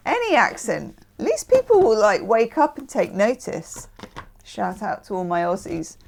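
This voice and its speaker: A woman's voice: medium pitch, big pitch swings, normal speed, creaky, slight background noise. Woman from the UK, tarot reader, chatty, self-mocking asides, casual tone. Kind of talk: casual tarot reading chat.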